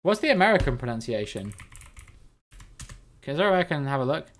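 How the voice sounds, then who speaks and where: A man's voice: fairly high pitch, very animated, quick pace. A man hosting a live game stream, chatting with viewers and thinking aloud as he plays.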